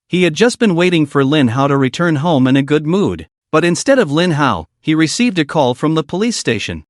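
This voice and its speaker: A man narrating a story recap in a steady, dramatic storytelling way. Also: on the high side, brisk, few pauses, no echo, studio quality.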